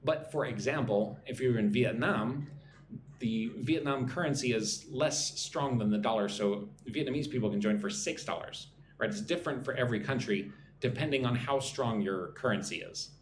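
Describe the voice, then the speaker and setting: A man's voice: mid-range voice, normal speed, reverberant, slight background noise. A man teaching English on a live stream, reading chat comments and drilling pronunciation.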